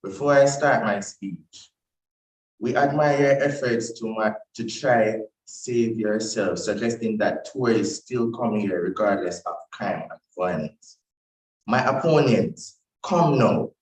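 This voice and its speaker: Teen boy debating, slow and halting, far from the mic. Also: fairly low pitch. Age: teens. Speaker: debate speaker. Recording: distant mic in echoey room.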